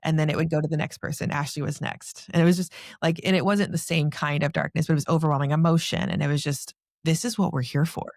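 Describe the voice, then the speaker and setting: Woman guest, gravelly voice, dry close sound; emotional personal story full of "like"s. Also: sits low, steady tone, fast, few pauses, darkish tone, dry recording. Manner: breathless, frequent "like" fillers. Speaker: podcast guest.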